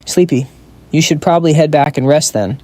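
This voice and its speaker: A man voicing a calm young male hero who speaks in a calm, puzzled way. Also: fairly high pitch, a little fast, lightly acted.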